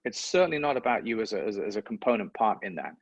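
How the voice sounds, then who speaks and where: A man's voice: fairly low pitch, big pitch swings, very fast, slightly rough, dry recording. A man, a sports broadcaster, talking reflectively in an interview and often repeating words as he thinks. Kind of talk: interview conversation. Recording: dull lo-fi sound.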